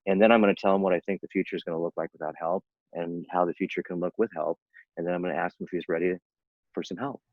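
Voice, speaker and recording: A man's voice: low voice, steady tone, fast talker, dry recording, narrow, tinny audio. A man in his sixties, an interventionist guest, speaking in an earnest, persuasive way with frequent restarts over a video call. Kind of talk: casual interview talk.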